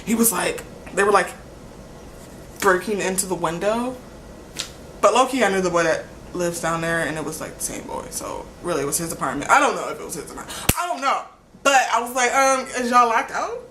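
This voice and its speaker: A woman's voice: fairly low pitch, expressive, a little fast, background noise. A young woman rambling casually in a vlog, filling nearly every phrase with "like" and laughing between sentences. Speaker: vlogger.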